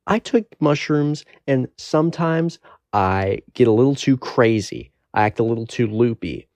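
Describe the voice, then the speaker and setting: A man's voice: mid-range voice, lively intonation, measured pace, a little mellow, no room sound. A young man telling a rambling, profane story in a casual storytime monologue.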